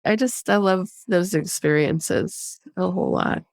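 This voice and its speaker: A woman medical intuitive chats on a podcast, recounting a story and slipping into the voices of its people. Her voice sits on the low side. The sound is close and dry. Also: a little slow, no room sound. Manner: chatty, quotes voices in her stories. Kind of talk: casual storytelling.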